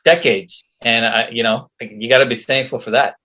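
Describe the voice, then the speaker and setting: A man's voice: medium pitch, normal speed, a crowd in the background. A middle-aged man from Canada, a guest actor and comedian, telling casual anecdotes and acting out the voices of the people he quotes. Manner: animated storyteller who acts out quoted voices.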